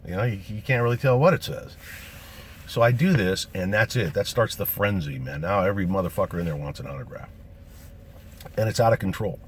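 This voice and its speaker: A man's voice: on the low side, fairly quick, slight background noise. A man casually telling a true story of his own, swearing constantly and acting out what other people said. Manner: animated, acts out quotes of other people.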